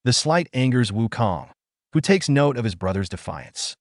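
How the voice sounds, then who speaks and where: A man narrating a comic story recap in a steady, scripted storytelling manner. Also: mid-range voice, moderate pace, no room sound, studio quality.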